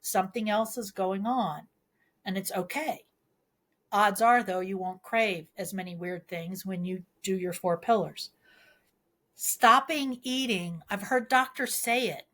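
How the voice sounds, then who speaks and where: Earnest midwife woman, mid-pitched voice. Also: fairly even intonation, unhurried, a bit bright. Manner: earnest, explains with homely analogies; pleading, emphatic advice. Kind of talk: podcast interview, explaining.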